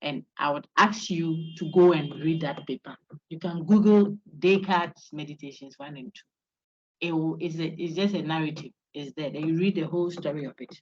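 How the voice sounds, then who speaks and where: Lady lecturer, low voice, lo-fi call audio, gets students to repeat after her. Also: moderate pace, darkish tone, slightly rough. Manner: coaching, repeats names for students to echo. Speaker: philosophy lecturer. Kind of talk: online university lecture. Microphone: video call. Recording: dull lo-fi online call audio.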